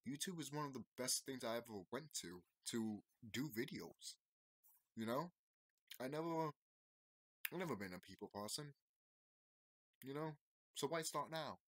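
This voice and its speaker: Man in his 30s, husky and lively, emphatic rambling monologue for subscribers, dry close sound. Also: medium pitch, dry recording. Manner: emphatic, rambling, repeats himself. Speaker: YouTuber. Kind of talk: casual unscripted monologue to subscribers.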